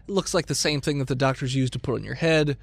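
A man's voice: medium pitch, fast talker, creaky, husky, dry recording. A man running a tabletop game as game master, narrating scenes descriptively with playful asides.

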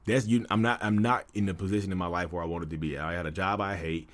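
A man in his thirties with a fairly low voice tells a personal story. He is candid and casual, and his talk is loose and full of fillers. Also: steady tone, fast. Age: 30s. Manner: candid, conversational, many fillers like "you know". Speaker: podcast host.

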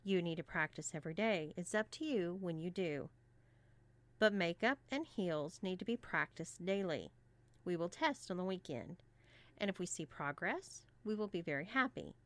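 A woman voicing a bossy young college woman who lays out rules in a calm, clipped, commanding way, read as an audiobook. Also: fairly low pitch, normal speed. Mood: stern.

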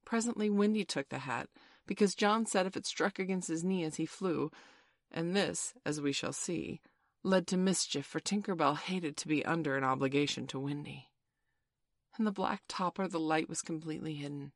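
A woman narrating a storybook in a measured, expressive reading. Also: low-pitched, no echo, studio quality. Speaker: audiobook narrator.

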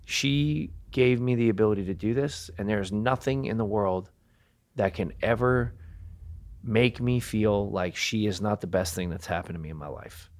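A man's voice: fairly low pitch, darkish tone. A man in his thirties from New Jersey, a guitarist talking candidly and earnestly in a podcast interview. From New Jersey, USA. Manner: earnest, confessional, speaks slowly with pauses. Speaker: guitarist guest.

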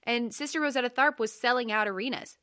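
A woman's voice: fairly high pitch, quick pace, dry recording, clean studio sound. A young adult woman, co-hosting a casual podcast chat, giggly and playful. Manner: giggly, animated, playful with silly voices. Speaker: podcast co-host.

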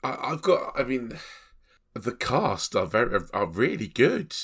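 A man's voice: mid-range voice, unhurried, creaky, slightly rough. A man co-hosting a film review podcast, with a voice that swoops up and down as he gets worked up. He exclaims and laughs a lot, chatting in an easy, conversational way. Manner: animated, exclaiming, laughs often. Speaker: podcast co-host. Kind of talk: casual film review chat.

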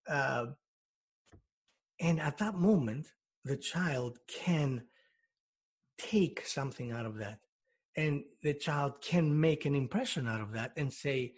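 A man's voice: fairly high pitch, lively intonation, measured pace, a little mellow, breathy edge. A man who works as a hypnotherapist, explaining ideas in an interview through everyday examples, with frequent restarts.

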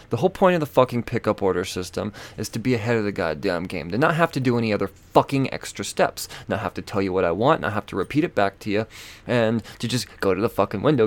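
Low gravelly guy rambling on a podcast, swears a lot, pokes fun at himself, voice jumps all over. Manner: profane, self-mocking, frequent fillers and laughs. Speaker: podcast host. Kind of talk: casual rambling storytelling.

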